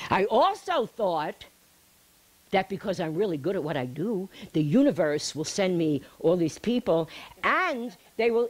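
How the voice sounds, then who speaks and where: A middle-aged woman speaks to a live audience. Her voice rises and falls a lot as she tells a personal story. She talks in a chatty, animated way and laughs at her own tale. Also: lowish voice. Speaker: speaker giving a healing talk.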